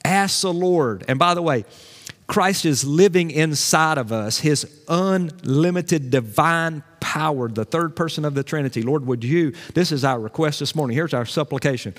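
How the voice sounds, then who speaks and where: A man preaching a sermon, folksy and animated, dropping to a low voice in prayer. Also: normal speed. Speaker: pastor. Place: church sanctuary. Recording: long hall reverb.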